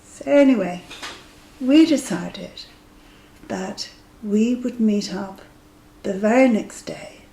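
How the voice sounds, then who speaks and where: A woman's voice: medium pitch, expressive, slow, creaky, long pauses, mellow, reverberant, a little hiss or hum, poor audio. A woman in her fifties telling a dating story in a chatty, amused way, sometimes dropping to a whisper for asides. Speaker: vlogger sharing dating stories. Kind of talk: casual anecdotal storytelling.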